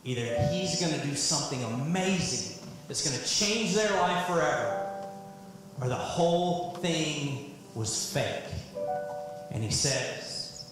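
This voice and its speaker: A pastor giving a sermon, an excitable man whose voice jumps high when he is moved. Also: slow pace. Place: church sanctuary. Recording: echoey church sanctuary with music. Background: band playing.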